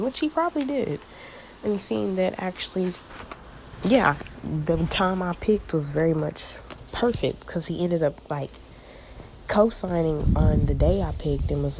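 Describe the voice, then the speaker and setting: A woman with a low, mellow voice talks casually to her viewers in a low-quality recording with slight background noise. As a channel host sharing a prophetic word, she rambles and searches for words in a spiritual vlog, using lots of fillers and calling her audience y'all.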